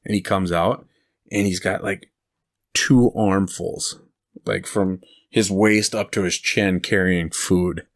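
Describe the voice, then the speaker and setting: Male podcast co-host, very low voice, rambling casual storyteller who laughs at his own bits. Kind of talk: casual chat.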